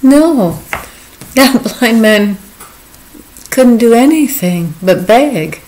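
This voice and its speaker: Earnest woman retelling scripture, slow, heartfelt, chuckles often. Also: fairly high pitch, animated, darkish tone, rough recording. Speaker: devotional speaker. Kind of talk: informal Bible teaching.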